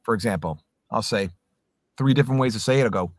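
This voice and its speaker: Male voice actor guest, low-pitched, lively and hands-on, voice slightly worn, dry recording. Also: fast, no room sound. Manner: animated, demonstrates vocal warm-ups as he talks. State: voice a little sore. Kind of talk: casual chat explaining voice acting.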